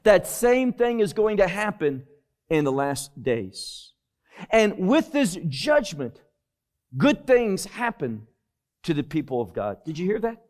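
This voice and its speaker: A man preaching a Bible teaching sermon, slowly and emphatically explaining Hebrew words verse by verse. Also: high voice, big pitch swings, a little mellow.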